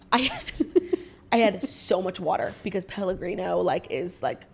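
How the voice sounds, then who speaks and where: A woman's voice: fairly low pitch, animated, measured pace, gravelly, darkish tone, breathy edge. A young American woman co-hosting a podcast, telling rambling stories full of "like" in casual chat. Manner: rambling storyteller, heavy use of "like". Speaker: podcast co-host.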